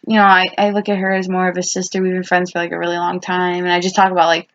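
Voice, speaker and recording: A woman's voice: lowish voice, monotone, rapid-fire, slight background noise. Young woman, casual podcast co-host, meandering and filler-heavy, dull lo-fi recording. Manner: rambling, filler-heavy storytelling. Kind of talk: casual chat between best friends.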